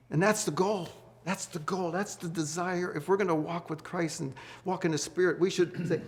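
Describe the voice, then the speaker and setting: A middle-aged man hosts a marriage study group, giving couples earnest Bible teaching while repeating key words and posing questions to the group. His high-sitting voice is steady and creaky, at a normal speed.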